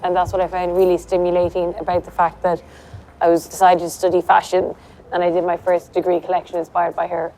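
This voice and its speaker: A woman's voice: lowish voice, completely flat delivery, fairly quick, warm tone, a little hiss or hum. A woman with an Irish accent talking casually and reflectively about her work as a designer, often filling with "like" and "kind of". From Ireland. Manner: chatty, fills with "like" and "kind of". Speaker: fashion designer.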